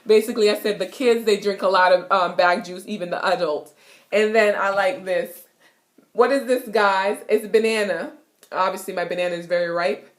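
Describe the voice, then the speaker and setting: A young woman with a Jamaican accent teaches a casual self-recorded lesson in her apartment. She is chatty and repeats every word and phrase slowly so it sinks in. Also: mid-range voice. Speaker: language teacher vlogger. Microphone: self-recorded camera.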